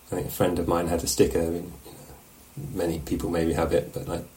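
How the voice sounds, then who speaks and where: Low-ish guy teaching meditation, chatty laid-back dharma talk, keeps asking yeah?. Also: fairly quick, few pauses. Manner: relaxed and conversational, often checking in with "yeah?".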